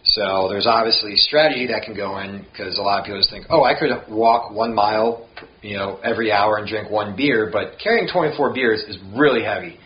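A young man telling a relaxed, casual story as a podcast guest, swearing now and then. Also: lowish voice, a little fast. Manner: laid-back, swears casually. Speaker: podcast guest, thru hiker. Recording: dull lo-fi sound with faint hiss.

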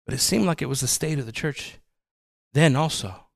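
A man preaching a sermon, earnest, swinging between soft and loud, repeating his phrases. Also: fairly high pitch, moderate pace, gravelly, no echo, studio quality. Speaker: pastor.

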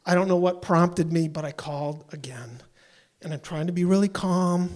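A man in his sixties telling a story live on stage, exasperated and animated, acting out the people he quotes. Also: sits high, moderate pace. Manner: exasperated, animated, mimics voices.

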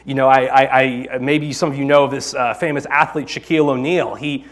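A male pastor giving a sermon in a conversational, joking style with quick asides. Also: mid-range voice, fairly even intonation.

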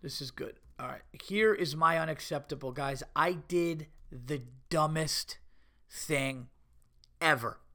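A middle-aged man hosting his own podcast, telling stories in a loose, profane, animated way. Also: a little high, slow pace. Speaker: podcast host. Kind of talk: casual solo podcast monologue.

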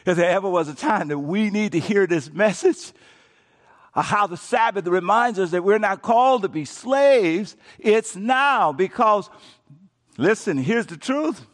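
A male pastor preaching a sermon with call-and-response, building up to shouting. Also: high voice, expressive, unhurried. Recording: long reverb of a large hall.

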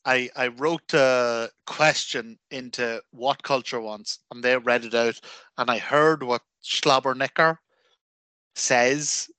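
A man's voice: mid-range voice, fairly even intonation, takes it slowly, sharp tone, no echo. A man with an Irish accent, co-hosting a wrestling podcast in casual, crude, joking chat. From Ireland. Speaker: podcast co-host.

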